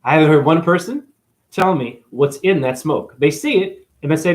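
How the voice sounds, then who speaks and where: A man from New England giving a profane, sarcastic monologue to camera, swinging between loud outbursts and near-whispers. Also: a little high, moderate pace. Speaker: spiritual video host.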